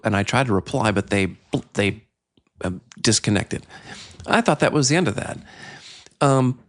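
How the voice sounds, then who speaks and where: Podcast host, male, mid-pitched with a gravelly edge, chatty and playful storyteller. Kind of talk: casual solo podcast monologue.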